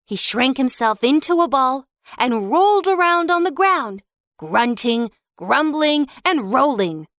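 A woman tells a children's storybook tale in a slow, expressive way. Her high voice swoops up and down, and the recording is dry and close. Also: no room sound. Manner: expressive, slow, sing-song.

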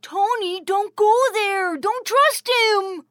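Woman as tiny ice cream superhero, proud, chirpy, very high, bright, children's audio story. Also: takes it slowly, no room sound, clean studio sound, full character voice. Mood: excited.

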